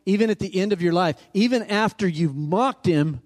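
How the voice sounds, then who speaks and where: At a moderate pace and with a high-sitting voice, a man delivers a sermon retelling scripture. He keeps calling questions out to the congregation, his emphasis rising.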